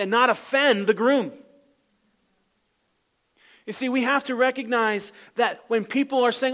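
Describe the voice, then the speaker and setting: High-voiced preacher, loud then hushed. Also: male voice, lively intonation, measured pace. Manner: swings from loud emphatic calls to soft low asides. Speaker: pastor. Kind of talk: sermon.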